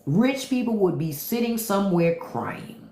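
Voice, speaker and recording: A woman hosting a livestream, commenting in an animated, profane, rhetorical way. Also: medium pitch, unhurried. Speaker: podcast host. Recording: roomy echo.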